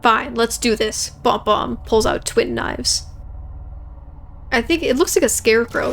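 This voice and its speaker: A young woman plays through a story game, voicing every character's lines herself without changing her voice much. She jokes casually between the dialogue in a slightly high voice. A faint hiss sits behind the recording. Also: a little slow, vocal fry, fairly bright tone. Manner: casual, joking, reads all characters' lines in her own voice. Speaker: let's play streamer. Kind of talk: playing a game and reading dialogue aloud.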